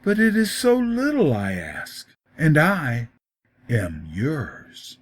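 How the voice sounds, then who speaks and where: A man's voice: wildly swooping pitch, takes it slowly, dry recording, clean studio sound, heavily acted. A man doing a murmuring water siren. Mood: pleading. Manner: low, murmuring, coaxing. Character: seductive female water spirit, mysterious and tempting.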